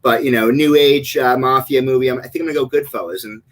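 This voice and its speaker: A man in his thirties, a shop-owner guest in a casual chat, easygoing and quick to laugh, with some stammering. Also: mid-range voice, fairly even intonation, rough recording.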